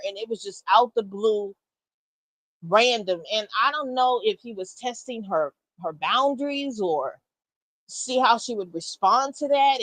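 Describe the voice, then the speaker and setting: A woman telling a story in a blunt, animated way. She swears freely and talks straight to her listeners as y'all. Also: on the high side, no room sound, rough recording. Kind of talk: casual storytime.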